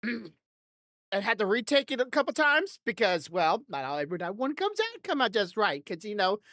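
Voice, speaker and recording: A woman hosts a podcast, chatting loosely and rambling, swearing freely and laughing often into a desk microphone. Her mid-range voice is very animated and a bit bright at a normal speed, recorded with clean studio sound and no room sound.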